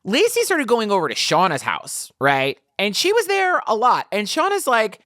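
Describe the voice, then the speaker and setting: Woman hosting a true crime pod, fairly high voice, lots of up and down, dry close mic. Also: very animated, normal speed, few pauses, a bit bright, dry recording. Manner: sassy, jokey storyteller who sings and does voices. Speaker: podcast co-host. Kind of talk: true crime podcast chat.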